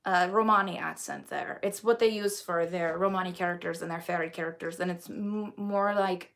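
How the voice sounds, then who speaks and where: A woman's voice: on the low side, moderate pace, gravelly, few pauses, fairly bright tone. Chatty woman livestream host. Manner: chatty, rambling, with many fillers and restarts. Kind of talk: casual chat.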